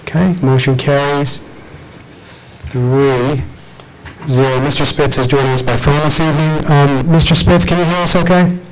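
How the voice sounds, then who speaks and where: A man's voice: fairly high pitch, steady tone, normal speed, a little hiss or hum, poor audio. Jokey man chairing a board meeting. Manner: casual and jokey while running procedure. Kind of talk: chairing a public meeting, joking asides.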